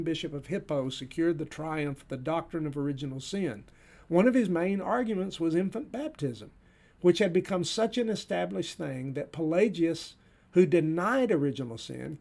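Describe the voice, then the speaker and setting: A man's voice: fairly high pitch, creaky, darkish tone. A middle-aged man teaching a church history class, reading quotations aloud between loose remarks with many fillers and restarts.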